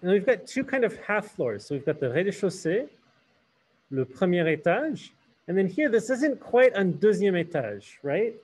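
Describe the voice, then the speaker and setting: A man's voice: sits high, big pitch swings, moderate pace, darkish tone, breathy edge. A man teaching a hybrid French class, switching between English and French and asking the students questions.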